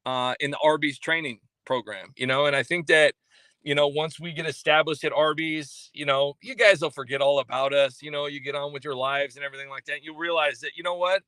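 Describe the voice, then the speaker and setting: A man's voice: on the high side, no room sound. Rambling man hosting a casual livestream. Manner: rambling, halting, many fillers and restarts; self-mocking deadpan humor. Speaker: livestream host reading chat. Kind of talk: casual live chat. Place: coffee shop.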